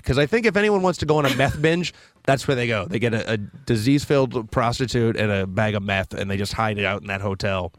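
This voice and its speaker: A man's voice: fairly low pitch, quick pace, no echo. A man co-hosts a no-holds-barred comedy talk show from a radio studio. He rambles, swears freely and pads his jokes with fillers. The sound is dry and close. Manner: profane, rambling, joking, with many fillers. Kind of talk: crude comedic banter.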